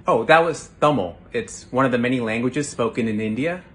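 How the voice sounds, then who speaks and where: A performer playing an exasperated actor at an audition in a comedy sketch, wry and swinging between loud and flat reads. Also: mid-range voice, brisk, few pauses, a little hiss or hum.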